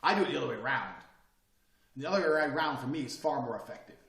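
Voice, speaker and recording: A man talking bluntly and profanely in a casual monologue, swinging between loud bursts and quiet, calm lines. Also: medium pitch, racing, vocal fry, reverberant, far from the mic.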